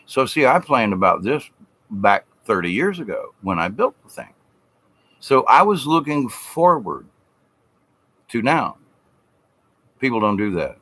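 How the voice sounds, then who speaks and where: A man's voice: mid-range voice, very animated, measured pace, long pauses, pushed and bright, husky. Folksy preachy middle-aged man. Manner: folksy, preachy, mimics people in mocking voices. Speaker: vlogger. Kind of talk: rambling spiritual monologue.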